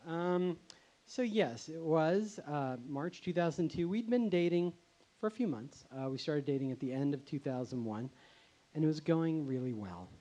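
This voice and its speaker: A man telling a personal story live on stage as a show host, measured and hesitant. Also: fairly high pitch, animated, mellow. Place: stage before a live audience.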